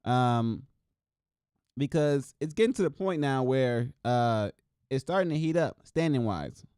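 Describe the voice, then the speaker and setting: Man, from Wisconsin, solo show host, casual slangy chatter, excitable, middle pitch, dry close sound. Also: unhurried, clear, resonant tone, no echo. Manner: loose, excitable, slangy, talks to viewers as y'all.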